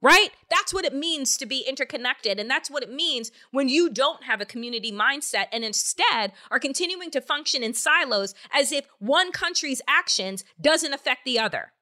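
A woman hosts a political podcast, her high, animated voice moving at normal speed with few pauses and a sharp tone. She delivers angry, emphatic commentary full of heavy swearing and rhetorical questions.

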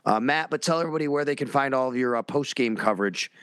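A man hosting a casual sports podcast, talking in quick bursts with restarts and self-corrections. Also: medium pitch, fairly bright tone, clear, resonant tone, no echo. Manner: rapid, self-interrupting, restarts sentences. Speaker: podcast host.

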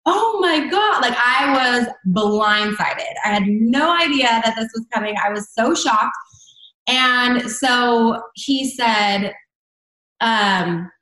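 A woman's voice: on the high side, bright, forceful tone, echoey room, low-quality recording. A woman telling a personal story in casual chat, full of "like" and "I'm like" fillers. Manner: chatty, many fillers and "like". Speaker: guest.

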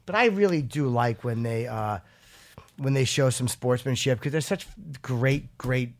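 A man's voice: medium pitch, unhurried. A man hosting a casual talk show who rambles, swears freely and often restarts his sentences, also reading a sponsor ad. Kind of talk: casual chat and live ad read.

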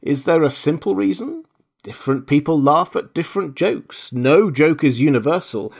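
A man's voice: on the high side, big pitch swings, moderate pace, breathy edge, pitched above the performer's own voice, exaggerated voice. A man voicing a stiff, sullen male grandmaster who speaks sharply in clipped, pointed questions. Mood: stern.

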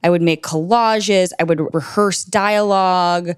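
Lively woman filmmaker, smooth low voice. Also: a little slow, no room sound, clean studio sound. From Minnesota, raised in New Jersey and New York. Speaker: guest, documentary filmmaker. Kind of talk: casual interview conversation.

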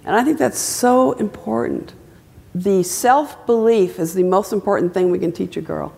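Older woman, raspy textured voice, animated motivational storytelling. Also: mid-range voice, normal speed. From United States. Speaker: former tennis champion telling her story.

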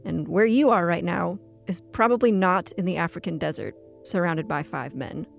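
A narrator reading a scripted devotional segment in a calm, reflective, inviting way. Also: mid-range voice, moderate pace, creaky, faint music behind. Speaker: program narrator.

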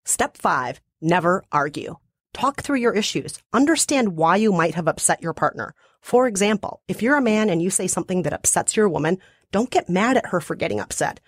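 A woman's voice: lowish voice, lively intonation, normal speed, no room sound, clean studio sound. A woman co-host reading out book steps with dryly ironic asides. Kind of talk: scripted summary with wry asides.

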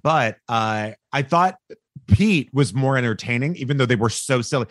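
A man co-hosting a casual podcast, quick to agree and riff on the show being discussed. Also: medium pitch, expressive, a bit bright, dry recording, clean studio sound. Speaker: podcast co-host. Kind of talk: casual chat.

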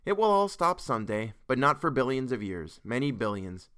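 A man playing a cheerful young father gently explaining things to his children. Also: mid-range voice, very animated, moderate pace, smooth. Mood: reassuring.

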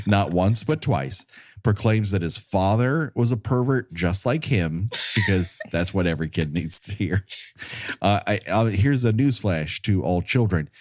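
A man co-hosting a podcast, recapping a horror film with sarcastic, crude, deadpan jokes in casual comedic commentary. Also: fairly low pitch, measured pace, no room sound, clean studio sound.

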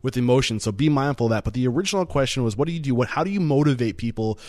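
A man's voice: medium pitch, expressive, rapid-fire, a little mellow. A man hosting an interview, summing up his guest's points in a reflective way. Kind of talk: casual interview talk.

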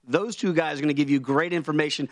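A man's voice: a little high, fast. A man, a guest sports betting host, talking through his picks in a confident, chatty way.

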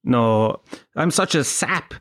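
A man's voice: mid-range voice, animated, slow, fairly bright tone. An Irish man hosting a podcast, telling a rambling comic story full of swearing and self-mockery. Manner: profane, self-mocking storyteller. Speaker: podcast host.

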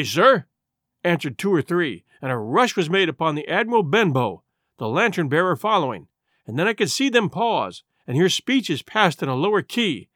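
A man narrating an adventure audiobook in a dramatic, expressive storytelling manner. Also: a little high, no echo, studio quality.

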